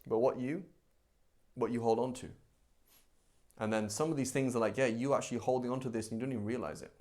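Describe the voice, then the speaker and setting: A man teaching a live religious class in a conversational, animated way, acting out everyday examples. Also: medium pitch, quick pace. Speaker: Islamic teacher.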